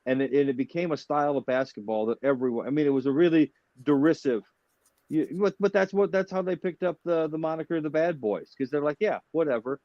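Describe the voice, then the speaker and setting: A man chatting as a comedian guest, telling animated stories with stammering restarts. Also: on the high side, fast, no echo. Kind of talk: casual chat. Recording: dull, dry lo-fi sound.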